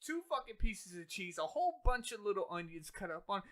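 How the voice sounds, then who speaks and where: A man co-hosting a casual podcast, ranting with animated energy, lots of profanity and slang. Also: high voice, fast talker, hardly any pauses. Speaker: podcast co-host. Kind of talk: casual chat.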